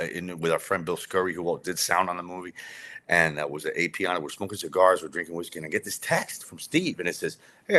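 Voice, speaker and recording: Low, forceful-voiced male director telling a story. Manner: animated, rambling, many fillers and restarts. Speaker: documentary director interviewing an author. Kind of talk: casual conversational storytelling.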